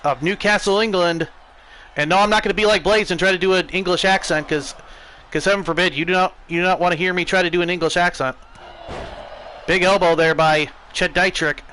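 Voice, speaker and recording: Excitable American man calling wrestling. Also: high-pitched, fairly quick, slight background noise, low-quality recording. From United States. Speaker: streamer. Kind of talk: wrestling play-by-play commentary.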